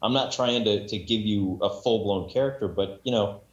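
A man's voice: lowish voice, normal speed. A man in casual podcast chat about narrating audiobooks, rambling with many restarts and self-mocking asides. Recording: echoey room, dull lo-fi sound.

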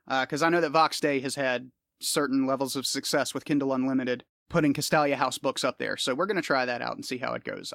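A man in his thirties talks alone into a close mic, loose and unscripted, dropping curses as he rambles through updates. His voice sits a bit higher than most men's. The room sounds dry and tight. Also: fairly bright tone, no echo. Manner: casual, profane, rambling off the cuff. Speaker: podcast host. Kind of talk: solo podcast monologue.

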